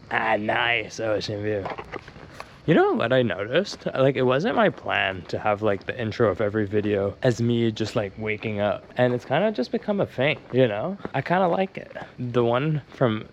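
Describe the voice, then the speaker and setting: A man's voice: mid-range voice, highs cut off, a little hiss or hum. A young man vlogging casually to an action camera while walking outdoors at dusk, rambling and joking as he talks to the camera. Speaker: travel vlogger. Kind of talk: casual vlog talk to camera. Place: outdoors on hillside streets at dusk. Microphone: handheld action camera.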